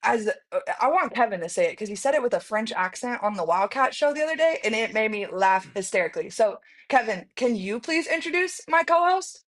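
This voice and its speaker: Bubbly high-voiced woman host. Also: animated, fairly quick, few pauses. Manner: bubbly, chatty, repeats words. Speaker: podcast host. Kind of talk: casual sports chat. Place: remote, apart from the studio.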